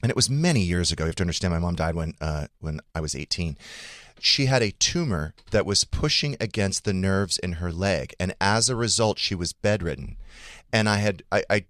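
A man's voice: sits low, fairly quick, no room sound, clean studio sound. A man co-hosting a casual call-in talk show, candid and joking as he tells stories. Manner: candid, joking, animated storytelling. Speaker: podcast co-host. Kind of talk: casual chat taking calls.

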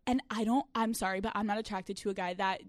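A woman's voice: mid-range voice, fairly even intonation, fast talker, no room sound. A young woman hosting a podcast, chatting in a brash, profane and emphatic way. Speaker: podcast host. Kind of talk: casual chat.

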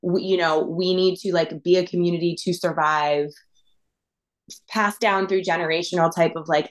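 A woman with a lower-pitched voice talking as a podcast guest. She reflects aloud, restarting sentences and circling toward questions. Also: normal speed. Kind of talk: casual chat.

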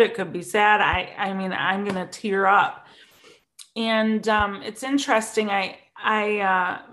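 A woman's voice: mid-range voice, fairly bright tone. Woman guest talking grief, earnest and personal, stops and restarts a bit. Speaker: podcast guest, grief expert. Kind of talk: candid interview talk.

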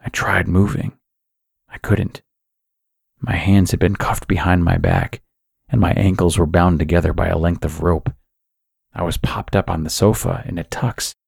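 A man narrating a scripted horror story in a wry, measured storytelling manner. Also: deep voice, expressive, creaky, breathy edge, dry recording, studio quality.

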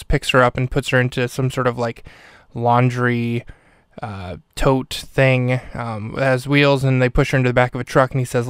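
A man hosts a podcast and recaps a movie scene by scene in a chatty, wry manner. His voice is smooth and clear. The sound is dry and close, with no room around it. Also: medium pitch, flat delivery, a little fast, dry recording. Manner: chatty, wry, mock-serious ad voice. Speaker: podcast host. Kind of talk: casual episode recap and mock ad read.

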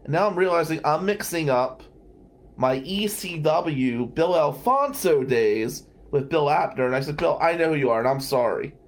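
Gravelly guy host, lawyer, telling stories, voice jumps all over, laughs a lot. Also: on the high side. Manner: animated, laughing, swearing storyteller. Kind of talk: storytelling monologue.

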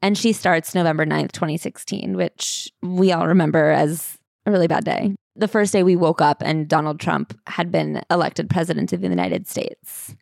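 A woman co-hosting a book-club podcast with a low, gravelly voice. She reads passages aloud and adds wry asides. The sound is dry and close. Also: expressive, moderate pace, hardly any pauses, a little mellow, no room sound. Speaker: podcast co-host. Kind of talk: casual book-club chat.

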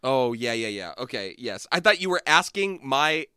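A man's voice: mid-range voice, big pitch swings, normal speed, bright, forceful tone, smooth, dry recording, clean studio sound. A man co-hosting a comedy podcast, chatting casually with a jokey, profane manner and frequent laughter. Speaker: podcast co-host.

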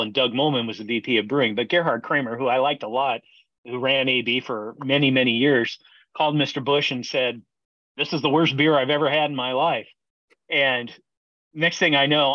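A mid-pitched man tells long, meandering work stories and keeps breaking into laughter. The sound is slightly dull and very dry, with no room around it. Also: pushed and bright, no echo. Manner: rambling anecdotes with frequent laughter. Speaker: brewer, podcast guest. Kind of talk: casual storytelling interview.

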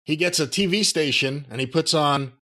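A man's voice: fairly high pitch, moderate pace, sharp tone. A middle-aged man co-hosting a podcast, chatting casually with dry, wry quips. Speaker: podcast co-host. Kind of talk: casual chat.

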